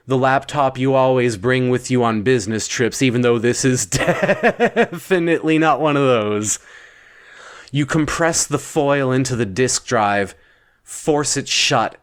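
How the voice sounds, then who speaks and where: A man telling an absurd second-person bedtime story in a deadpan, wandering way. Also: mid-range voice. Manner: slow, deadpan, wandering delivery.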